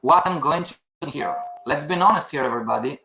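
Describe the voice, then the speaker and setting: Older male instructor, slightly high voice, live class, quizzes his students then answers them himself. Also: fast talker, gravelly, sharp tone, lo-fi sound. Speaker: trading instructor. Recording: echoey room.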